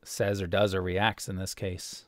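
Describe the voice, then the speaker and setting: A man runs a tabletop game, narrating the scene in a slow, halting way with many restarts. His voice sits a little low, and the recording is dry and close. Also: little pitch movement, no room sound. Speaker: game master.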